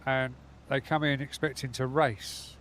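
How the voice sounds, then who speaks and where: While streaming a game from his home setup, a man chats casually with his viewers, rambling from one thought to the next. His medium-pitched voice is a bit bright and flat in delivery, at a measured pace, with slight background noise.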